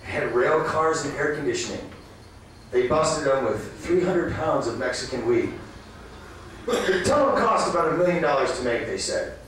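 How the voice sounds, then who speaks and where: A fairly high-voiced man doing stand-up in a small club, rambling through his bits with lots of fillers and sudden shouts. He sounds far from the mic, in a very echoey room with faint noise behind him. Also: expressive, moderate pace. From Massachusetts. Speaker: stand-up comedian. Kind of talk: stand-up comedy set. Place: small comedy club, live audience.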